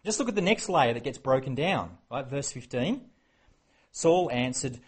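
A man preaching a sermon, animated and acting out the quoted exchanges. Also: medium pitch, normal speed, slightly rough. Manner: animated, acts out quoted exchanges, many fillers.

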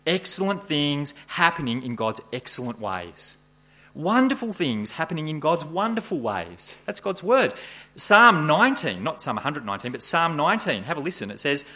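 A man preaching a sermon, emphatic and expressive, reading scripture aloud and explaining it. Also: moderate pace. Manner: expressive, emphatic preaching with big pitch swings.

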